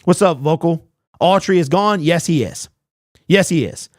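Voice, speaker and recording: A young man hosts a live sports talk stream in a slightly high voice at a moderate pace, ranting bluntly, reading chat messages aloud and throwing out rhetorical questions. The sound is clean studio quality with no room sound.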